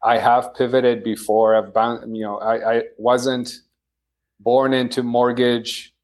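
A man from Poland, a company founder, answering interview questions in a relaxed, measured way with many fillers. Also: medium pitch. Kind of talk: casual interview.

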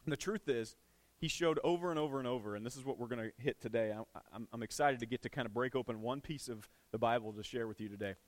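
A man's voice: medium pitch, fast talker. A man preaching a sermon in a church, earnest and conversational. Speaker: pastor.

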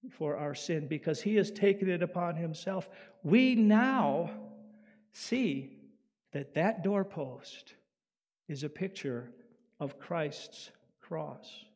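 A male pastor preaching a sermon in an animated way, swinging from loud emphasis down to quiet. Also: on the high side. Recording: long hall reverb.

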